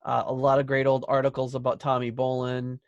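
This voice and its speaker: A podcast co-host talking in a relaxed, joking way. His voice sits at a middle pitch. The sound is dry and close, with no room around it. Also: brisk, no room sound, dull audio. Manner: chatty, joking, reads out listener posts. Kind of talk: casual chat.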